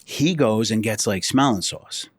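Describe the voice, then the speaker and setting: A man's voice: on the low side, expressive, unhurried, slightly rough, dry recording, studio quality. A man, a former state trooper, telling stories on a podcast in a blunt, profane way, acting out what people said. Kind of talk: casual podcast storytelling.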